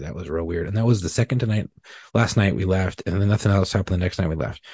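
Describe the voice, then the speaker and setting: A lower-voiced middle-aged man with a husky edge, spinning a long, rambling story full of swearing. His voice is close and dry, with no room sound around it. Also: darkish tone, no room sound. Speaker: podcast co-host. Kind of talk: casual storytelling chat.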